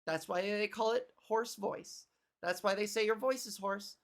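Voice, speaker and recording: Her voice is mid-range and cracky, gravelly, and she talks at a measured pace. The woman comedian, hosting her own podcast, rambles, swears, and puts herself down in casual conversation.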